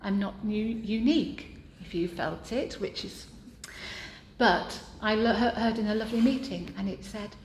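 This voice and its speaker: A woman speaking candidly and earnestly, with self-deprecating humor, as she shares at a support group meeting. Her voice sits at an ordinary middle pitch. It rings through a roomy, echoing meeting room, with faint background noise. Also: normal speed. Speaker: meeting member sharing.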